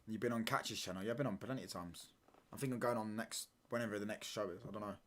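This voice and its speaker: During a casual football watchalong live stream, a man in his 20s keeps checking "do you get what I'm saying?" He talks fast, with a fairly low pitch.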